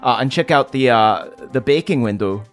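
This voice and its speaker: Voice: medium pitch, expressive, moderate pace, faint music behind. A player at a tabletop game who teases and jokes. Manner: teasing, jokey. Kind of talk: casual tabletop play.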